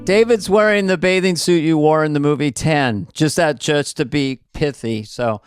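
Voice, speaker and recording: A man's voice: on the high side, moderate pace, clean tone, no room sound, studio quality, faint music behind. A middle-aged man co-hosting a podcast, teasing playfully and jumping in with jokes. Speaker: podcast co-host. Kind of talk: casual chat.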